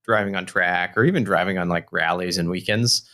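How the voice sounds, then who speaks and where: A man's voice: low voice, a little fast, pushed and bright. A man chatting casually on a podcast in a laid-back way.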